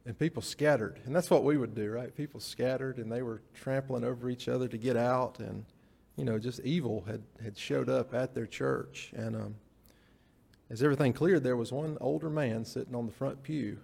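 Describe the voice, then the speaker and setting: A male pastor delivers a casual, story-filled sermon, often stumbling over and restarting his words. His voice has a gravelly edge. The sound carries a long reverb from the church hall. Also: medium pitch, normal speed, darkish tone. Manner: folksy, storytelling with frequent restarts.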